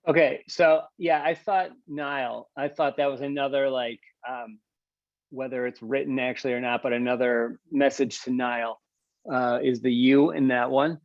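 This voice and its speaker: A man's voice: mid-range voice, steady tone, moderate pace, dry recording, dull audio. A man hosting a book club over a video call, talking in a rambling, self-deprecating way with lots of fillers. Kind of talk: casual video call discussion.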